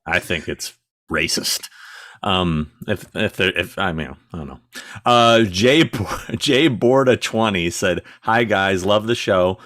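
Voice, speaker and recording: Middle-aged male co-host, very deep voice, reads viewer questions with dry asides. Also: slow pace, a bit bright. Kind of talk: casual live chat.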